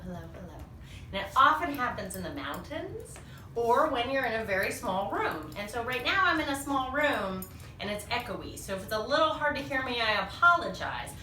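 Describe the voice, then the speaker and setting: Lady doing storytime for little kids, bright high voice bouncing all over, echoey little room, mic kinda far off. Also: a little hiss or hum. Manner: animated, sing-song questions to young listeners. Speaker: children's storyteller. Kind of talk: reading a picture book aloud to children.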